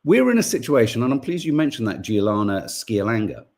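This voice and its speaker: Sarcastic man with a husky voice. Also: mid-range voice, big pitch swings, a little fast, darkish tone. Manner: sarcastic, exasperated, rambling with many fillers. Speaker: podcast co-host. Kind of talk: casual opinion podcast monologue.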